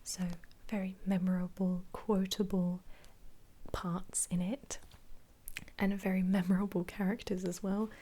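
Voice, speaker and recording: A young woman gives a whispered ASMR film chat in a mellow, breathy, airy whisper. She keeps it casual and giggly, drifting on soft ums between thoughts. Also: medium pitch, little pitch movement, measured pace. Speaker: ASMR creator.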